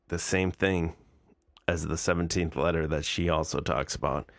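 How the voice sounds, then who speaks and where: A man's voice: low voice, steady tone, normal speed, creaky, no echo, clean studio sound. A man in his forties streaming live, reacting to videos in casual, incredulous, mocking commentary. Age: 40s.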